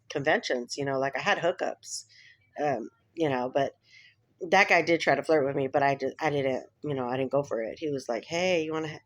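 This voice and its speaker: A woman vlogger rambling casually, full of fillers and quick laughs. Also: low-pitched, no room sound. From Philippines heritage. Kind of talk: casual chat.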